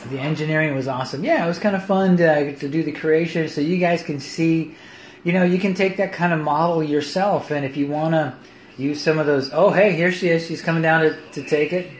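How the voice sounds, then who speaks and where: A man's voice: on the high side, fairly quick. Chatty man livestreaming from an echoey kitchen. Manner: chatty, lively, laughs often. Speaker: home baker livestreaming. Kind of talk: casual livestream chat. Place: home kitchen. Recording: echoey room, faint hiss.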